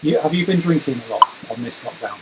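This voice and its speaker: A man's voice: on the high side, expressive, quick pace, very noisy. A British man hosting a casual online show, chatty and full of fillers. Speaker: host. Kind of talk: casual chat.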